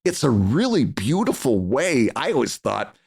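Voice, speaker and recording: Middle-aged guy cohosting a podcast, gravelly low-key voice, lots of uhs and restarts. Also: sing-song, normal speed, a little mellow. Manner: earnest, advice-giving with frequent fillers and restarts. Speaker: podcast co-host. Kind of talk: casual podcast chat.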